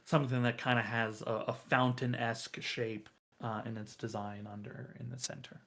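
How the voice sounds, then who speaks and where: A man narrating a tabletop game as game master, halting with many ums and uhs. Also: medium pitch, little pitch movement, gravelly, a bit bright.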